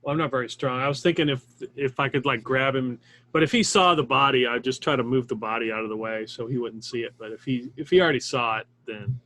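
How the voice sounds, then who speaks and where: A man's voice: mid-range voice, quick pace, sharp tone. Male player, easygoing chat, stop-start describing of his moves. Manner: laid-back, hesitant describing of moves. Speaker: tabletop game player. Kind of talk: casual chat.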